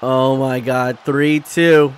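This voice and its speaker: A man hosting a live watchalong stream, commentating excitedly and profanely, shouting at big moments and chatting with his viewers. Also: mid-range voice, takes it slowly, clean tone. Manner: talks to his chat and thanks viewers.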